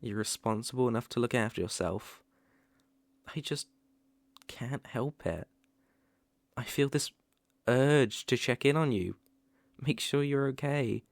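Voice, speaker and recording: A young man with a British accent playing a remorseful ex-boyfriend in a whispered role-play, speaking hesitantly with soft laughs. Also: mid-range voice, measured pace, gravelly, pauses often, no room sound. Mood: tender. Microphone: close mic, ASMR.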